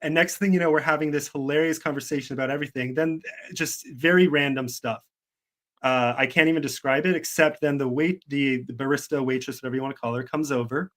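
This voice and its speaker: A man's voice: mid-range voice, fairly even intonation, fast, a bit bright. A man from Canada, a guest author in a casual chat, telling stories animatedly with many stammers and restarts over a video call.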